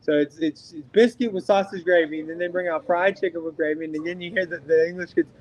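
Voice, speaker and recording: A man's voice: high-pitched, fairly quick, poor audio. A middle-aged man co-hosting a casual podcast, rambling and profane, with lots of "like" fillers. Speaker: podcast co-host.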